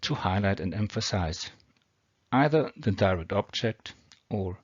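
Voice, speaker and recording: A male English teacher with a foreign accent explains grammar over slides with patience, step by step. His voice is on the low side, with lively intonation and an unhurried delivery. The sound is dull lo-fi homemade audio.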